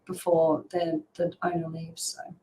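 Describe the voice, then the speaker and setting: A dog behaviour expert appears as a guest on a casual podcast interview, chatty and explanatory, filling her talk with "you know" and "um" and laughing often. Her deep voice is completely flat in delivery, unhurried and mellow. The audio quality is poor.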